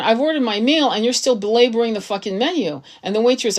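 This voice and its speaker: A woman's voice: a little high, animated, fast talker, few pauses. Blunt swearing woman reading tarot. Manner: blunt, swears freely, talks to the viewer directly. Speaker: tarot reader. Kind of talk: casual tarot reading monologue.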